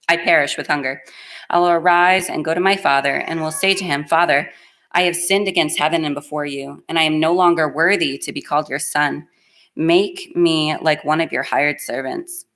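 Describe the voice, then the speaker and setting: A woman's voice: low-pitched, fairly bright tone. A middle-aged woman preaching in a church, reading scripture aloud and speaking in an earnest, emotional, plainspoken way.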